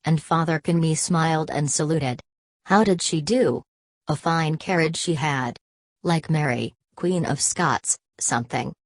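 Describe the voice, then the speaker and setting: A woman reading a classic novel aloud as an audiobook narrator, in a measured, even delivery. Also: deep voice, no room sound. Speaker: audiobook reader. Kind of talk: scripted literary narration.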